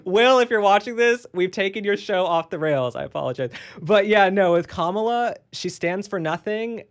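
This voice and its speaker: Brief: woman guest pundit, lower voice, firm, emphatic opinions. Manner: emphatic, laughs often, opinionated. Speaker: political commentator guest. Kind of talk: political talk show discussion.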